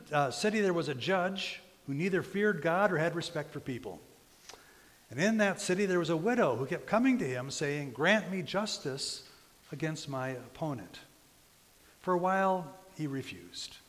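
A man preaching a sermon as pastor, telling a story in a relaxed, conversational way with frequent fillers. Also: medium pitch. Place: church. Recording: reverberant church hall.

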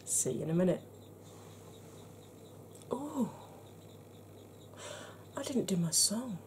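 A middle-aged woman reviews makeup to camera in a mellow, warm voice. She chats frankly with dry humour and sometimes drops to a soft half-whisper. Faint noise hums behind her. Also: medium pitch, expressive, measured pace, pauses often. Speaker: beauty vlogger.

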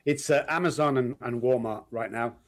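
In a laid-back interview, a middle-aged Manchester man from England tells animated stories, slipping into the voices of the people he's quoting. He speaks at a moderate pace in a mid-range voice.

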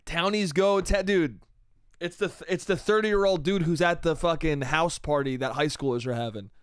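A man's voice: fairly high pitch, normal speed, clear, resonant tone, dry recording. A man hosting a solo comedy podcast, rambling crudely and saying "dude" and "bro" constantly. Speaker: podcast host.

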